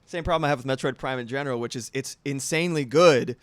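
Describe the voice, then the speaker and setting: A man's voice: medium pitch, fast talker. A man in his thirties chatting casually on a livestream, rambling and self-deprecating, with some swearing. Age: 30s.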